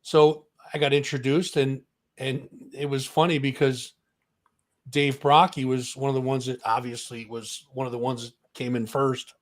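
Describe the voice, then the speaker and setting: A man co-hosting a music talk show, telling a story in casual chat and acting out the voices of the people in it. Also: medium pitch.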